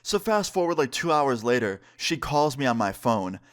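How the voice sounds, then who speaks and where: A young man vlogging a storytime, telling it in a casual, animated way and swearing freely. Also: medium pitch, normal speed. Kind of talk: storytime vlog.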